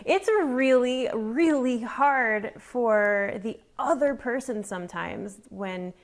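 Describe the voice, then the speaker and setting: A woman's voice: a little high, slow. A woman pet expert in casual chat, speaking emphatically and backing her co-host with frequent agreement. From Southern California. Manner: emphatic, lots of affirming mm-hmms.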